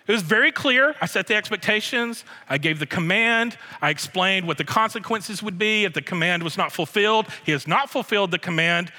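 A man preaching a sermon as pastor, emphatic, slowing down and repeating his key phrases. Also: sits high, sharp tone. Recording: long hall reverb.

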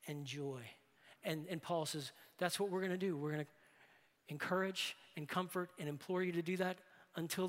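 A man preaching a sermon as a pastor, telling a story and rising into loud, impassioned calls to his listeners. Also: on the high side. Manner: builds to loud impassioned exhortation. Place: church sanctuary. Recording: long reverb of a large hall.

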